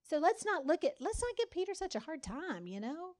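A woman's voice: very high-pitched, big pitch swings, brisk, a little mellow. A woman giving a conversational sermon, acting out the lines of the people in the story. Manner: conversational, dramatizes quotes with voices. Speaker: speaker.

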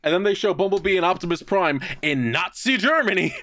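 A man's voice: high-pitched, animated, brisk, fairly bright tone, no echo. A man co-hosting a casual podcast, swearing often as he rants through a movie recap. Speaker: podcast co-host.

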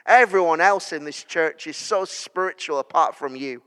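A man voicing Satan's whispered accusations in a low, quiet murmur during a sermon, with long hall reverb. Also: normal speed, clear, resonant tone. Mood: accusing.

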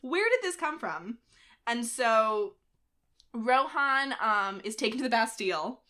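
Bright-voiced woman telling a story. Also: a little high, unhurried. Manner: animated retelling with acted-out quotes and frequent laughs. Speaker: podcast co-host. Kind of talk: casual storytelling chat.

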